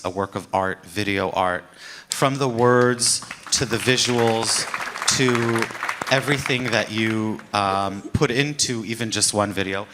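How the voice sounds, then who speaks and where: Lower-voiced, bright-toned man moderating a stage panel, halting delivery. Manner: halting, with frequent fillers. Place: conference stage before an audience.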